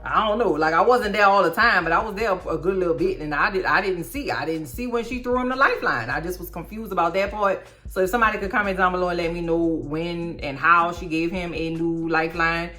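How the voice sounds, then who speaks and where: Sassy, loud New woman recapping TV. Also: lowish voice, fairly quick, hardly any pauses, soft background music. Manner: sassy, animated, often yelling with emphasis. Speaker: TV recap vlogger. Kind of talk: casual TV recap commentary. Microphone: phone.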